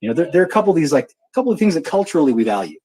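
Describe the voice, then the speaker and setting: A man hosting a casual live audio chat, joking and animated as he talks. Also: a little high, very fast, slightly rough, poor audio. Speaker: show host.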